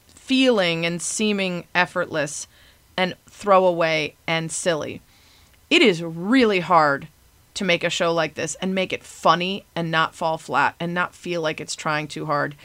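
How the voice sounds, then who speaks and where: A woman's voice: on the low side, fairly bright tone, no room sound. A woman giving an earnest, admiring tribute to a show. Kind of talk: tribute speech.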